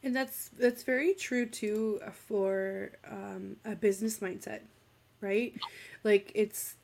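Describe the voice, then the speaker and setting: A woman's voice: mid-range voice, fairly even intonation, slow pace, gravelly, a little mellow. A woman speaking as a guest in a casual podcast conversation, chatty and thinking aloud with many asides. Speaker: guest, business systems consultant.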